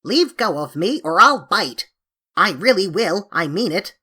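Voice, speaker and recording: A woman's voice: on the low side, very animated, a little slow, bright, forceful tone, full character voice. A woman voicing a grumpy, self-pitying male sand fairy who gripes and whines, reading an audiobook of a classic children's story. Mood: grumbling. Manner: gruff and complaining, voice cracking.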